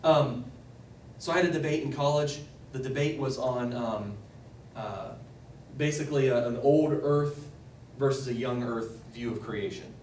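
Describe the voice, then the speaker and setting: A man leading a group Bible study, speaking loosely and conversationally, with a voice that rises as he gets excited. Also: medium pitch, a little slow, slight background noise. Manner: enthusiastic, voice rises when excited; loose and conversational, with restarts and asides.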